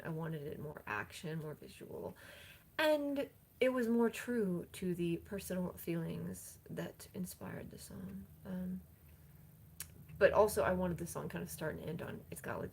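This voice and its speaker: A woman livestreaming as a songwriter, rambling casually to herself and often dropping to soft near-whispers. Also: fairly low pitch, gravelly, husky. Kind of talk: casual thinking-aloud talk.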